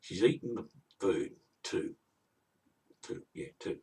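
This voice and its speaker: Low husky aussie bloke ranting through a fairy tale, kinda far off the mic. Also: male voice, takes it slowly, dark tone. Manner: indignant, rambling, grumbling asides. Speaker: comic storyteller. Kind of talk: comic retelling of a fairy tale.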